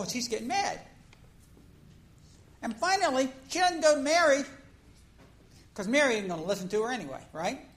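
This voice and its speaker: Woman preaching, chatty and animated, fairly high voice, acts stuff out as she tells it. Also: normal speed, pauses often, rough recording. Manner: animated storytelling, conversational, acts out scenes. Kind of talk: sermon.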